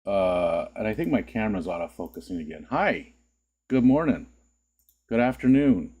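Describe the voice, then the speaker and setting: A man's voice: big pitch swings, moderate pace, darkish tone, slightly rough. A man hosting a casual livestream, just woken up, chatting with viewers and greeting them by name. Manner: rambling, greets chat, sudden squeaky voice cracks and laughs. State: just woke up. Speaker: livestream host.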